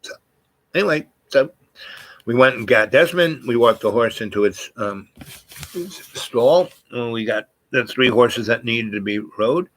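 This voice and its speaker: A man's voice: mid-range voice, expressive, unhurried, fairly bright tone, no echo. A man telling a personal story in a casual, meandering way, full of fillers and restarts.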